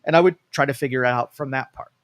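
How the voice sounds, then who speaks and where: A man's voice: mid-range voice, fast talker, a bit bright, no room sound, lo-fi sound. Reflective man talking on a studio show. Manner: reflective, explains at length with restarts. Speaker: co-host. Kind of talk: casual talk show discussion.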